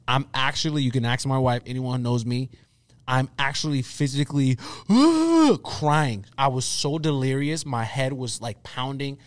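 Animated young man telling a story. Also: mid-range voice, normal speed, dry recording. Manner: animated storytelling, repeats himself for emphasis. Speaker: podcast co-host. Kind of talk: casual chat.

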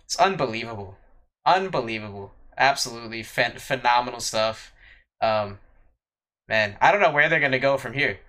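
Bright-voiced man chatting on a podcast. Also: medium pitch, expressive, moderate pace. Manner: chatty, with many fillers and repeated words. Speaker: podcast co-host. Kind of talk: casual podcast chat.

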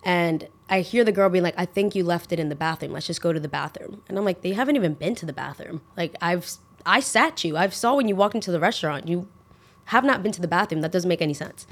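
A woman's voice: fairly low pitch, fast. A young woman in her twenties hosting a podcast, telling a casual story and acting out the dialogue with lots of "like". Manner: animated, acts out quoted dialogue, heavy use of "like". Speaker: podcast host.

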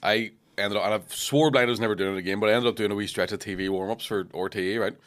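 A Northern Irish man with a lowish voice rattles through stage stories at speed. He swears freely and tells it with animated comic timing, like a comedian chatting on a podcast. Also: very fast. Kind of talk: casual podcast chat, telling stage stories.

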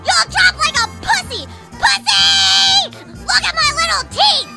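A performer voicing a manic, unhinged child pitchman in a cartoon commercial, rambling in hyped sales patter. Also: expressive, moderate pace, sharp tone, faint music behind, heavily acted. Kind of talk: cartoon voice acting.

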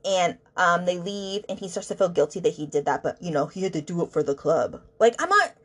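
A woman's voice: lowish voice, expressive, fairly quick, husky. Exasperated woman ranting about a book. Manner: exasperated, rambling, many fillers. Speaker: book podcast host. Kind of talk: casual book rant.

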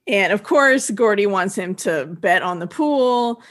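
A woman's voice: medium pitch, expressive, a little slow, fairly bright tone. A woman co-hosting a podcast, casually retelling a TV episode scene by scene and laughing now and then. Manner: retells scenes with acted-out quotes, laughs often. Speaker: podcast co-host. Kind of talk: casual episode recap chat.

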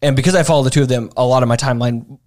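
A man's voice: mid-range voice, very fast, a little mellow. A man co-hosting a podcast in casual chat, rambling with many fillers and restarts. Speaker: podcast co-host.

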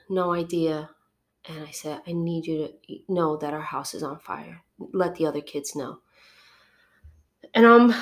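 A middle-aged woman appears as a podcast guest, giving an emotional personal testimony and acting out her phone calls. Her voice is on the low side, and she sniffles now and then from allergies.

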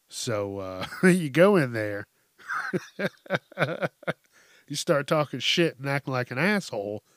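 A man hosting a news-reaction show, telling stories in blunt, profane, animated casual commentary. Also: medium pitch, no echo, clean studio sound. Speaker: host.

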